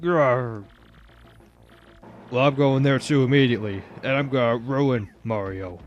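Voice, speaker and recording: A blustering, boastful turtle king villain from a video game, as a man puts him on. He shouts and brags at a middling pitch, with faint game music underneath. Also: fairly even intonation, moderate pace, dull audio, close to an everyday voice. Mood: indignant.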